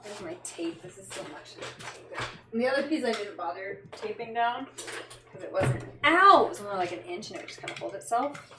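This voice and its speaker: A woman's voice: mid-range voice, lively intonation, a little fast, over music. A woman chatting casually on a livestream while she works, rambling and swearing when frustrated. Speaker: fashion designer. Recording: echoey room with background noise.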